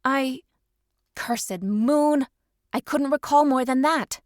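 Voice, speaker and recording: A woman reading a first-person audiobook in steady storytelling narration. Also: sits high, slow, dry recording, studio quality.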